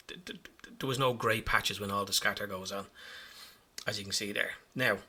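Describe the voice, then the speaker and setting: A man's voice: lowish voice, pushed and bright, husky. A man talking casually over his hobby footage in a chatty, self-mocking way, rambling as he explains each step. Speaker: hobby vlogger.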